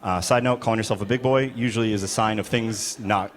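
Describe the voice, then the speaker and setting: A man doing a stand-up comedy set, telling a story with animated delivery, laughing through his lines and acting out voices. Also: lowish voice, fast, background noise.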